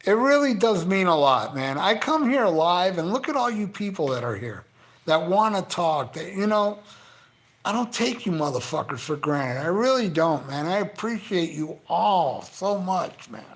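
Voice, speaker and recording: A man's voice: high voice, very animated, normal speed. A man on a live stream, heartfelt and profane, choked up and near tears as he thanks his viewers. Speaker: livestreamer thanking his chat. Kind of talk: casual live-stream chat.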